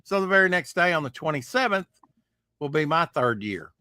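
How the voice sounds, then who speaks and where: A man's voice: fairly high pitch, sing-song, a little fast, pushed and bright, no echo. A man co-hosting a live stream show, chatting casually in a rambling, jokey way and trailing off mid-sentence.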